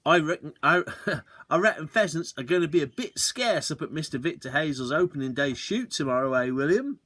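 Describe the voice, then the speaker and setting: A man reading aloud plays a sly old poacher who drives a taxi, toothless and full of chuckles. His voice sits up high and bounces around in folksy country speech, dry and close to the mic. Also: animated, moderate pace, pushed and bright, dry recording. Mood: gleeful.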